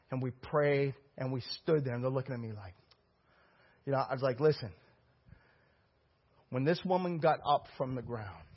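Husky high-voiced preacher guy, urgent and repetitive, muffled recording. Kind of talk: sermon with storytelling. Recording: dull lo-fi recording.

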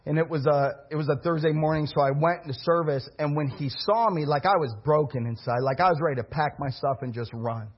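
A man preaching a sermon as pastor, alternating impassioned preaching with quiet personal storytelling. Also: on the high side, brisk, hardly any pauses, slightly rough, dull audio.

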